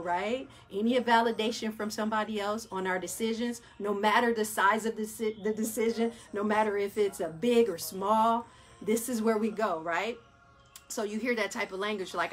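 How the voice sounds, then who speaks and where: A woman hosting a chakra meditation session who talks in a chatty, excitable way and keeps turning to her listeners with questions. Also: mid-range voice. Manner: chatty, addresses listeners as y'all, repeats "right?"; gets hyped, then slows and softens for breathing. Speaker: wellness host leading a chakra meditation. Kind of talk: animated guided meditation talk.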